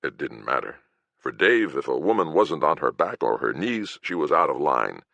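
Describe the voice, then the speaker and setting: A man voicing a gruff, profane and irritable male healer who speaks bluntly and snarls when angry. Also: rumbling low, very animated, normal speed, fairly bright tone, no echo, highs cut off, full character voice. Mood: snarling angry.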